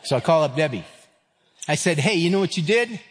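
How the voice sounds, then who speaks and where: A pastor in his fifties delivers a sermon with a slightly high voice, full of animated storytelling. He acts out the people in his anecdotes. The sound rings with the long reverb of a big church hall. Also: brisk, noisy background. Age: 50s.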